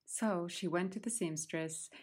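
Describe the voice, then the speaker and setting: A woman telling a folk tale in an unhurried, repetitive way, sometimes calling her listener darling. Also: lowish voice. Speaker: storyteller.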